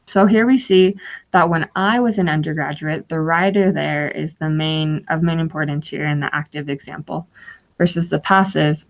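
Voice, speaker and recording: A woman's voice: low-pitched, vocal fry. A young woman giving an instructional webinar, explaining slides step by step with frequent fillers. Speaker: webinar guest speaker.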